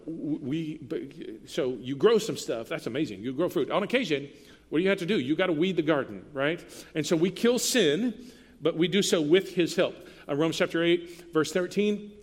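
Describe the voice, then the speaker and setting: Pastor preaching in a reverberant hall. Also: male voice, sits high. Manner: earnest, conversational, drops softly for tender quoted lines. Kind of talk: sermon.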